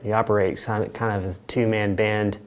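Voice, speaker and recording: A man hosting a live painting stream, chatting casually and telling loose, rambling stories in a relaxed way. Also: on the low side, a little fast. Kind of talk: casual chat while painting. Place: art studio.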